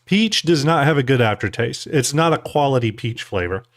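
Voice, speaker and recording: The dry, studio-quality recording features a live stream host with a medium-pitched voice speaking at normal speed. He is casual, rambling and a bit tipsy, eating jelly beans as he thanks donors and walks through giveaways.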